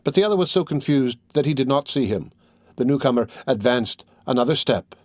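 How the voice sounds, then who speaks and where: A man narrating a classic novel aloud in a measured, even audiobook reading. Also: medium pitch, no room sound, studio quality.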